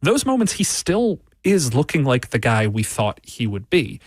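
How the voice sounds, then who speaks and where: A man's voice: mid-range voice, big pitch swings, normal speed, no room sound. Male sports writer guest, mid-range voice, dry close studio sound, argues in building, repeated points. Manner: analytical, builds arguments with repeated phrases. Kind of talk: sports radio discussion.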